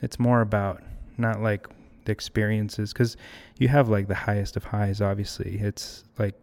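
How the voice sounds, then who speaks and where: A man's voice: on the low side, little pitch movement, moderate pace, gravelly, darkish tone. A young man talking as a podcast guest, reflective and hesitant, often restarting his sentences. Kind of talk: casual conversational interview.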